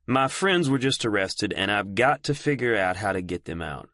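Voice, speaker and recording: A man voicing a calm, firm young man who speaks evenly in an audiobook. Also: on the low side, normal speed, no room sound, clean studio sound. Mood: steady. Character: young man, steady protective caretaker. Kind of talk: audiobook character voice.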